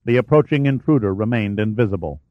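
A man narrating a story in a measured, even way. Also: lowish voice, no echo. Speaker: audiobook narrator. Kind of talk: scripted narration. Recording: dry, slightly dull recording.

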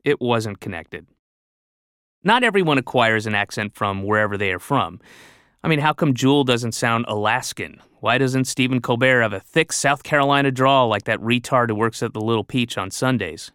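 A man from Georgia narrates his own comedy audiobook in a bitter, sardonic rant, full of sarcastic asides. His voice is bright and crisp, and the booth sound is very dry. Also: mid-range voice, dry recording. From Georgia, USA. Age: adult under 60.

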